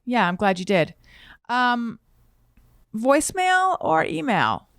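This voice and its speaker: Female podcast host, lively expressive voice, smooth and clear, chatty. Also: a little high, no echo, clean studio sound. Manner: chatty, quick to chime in. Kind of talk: casual chat.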